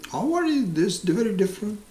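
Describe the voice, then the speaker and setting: A man voicing a confident, brisk psychiatrist who reasons with a patient in a raised, persuasive voice within a roomy hall. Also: sits high, sing-song, a little mellow, pitched above the performer's own voice. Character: confident, breezy male psychiatrist.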